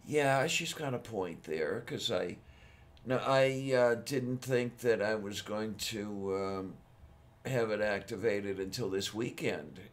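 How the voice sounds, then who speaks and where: A man co-hosting a podcast, chatting casually, easygoing and halting, with many ums and dry asides. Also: lowish voice. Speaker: podcast co-host. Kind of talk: casual chat.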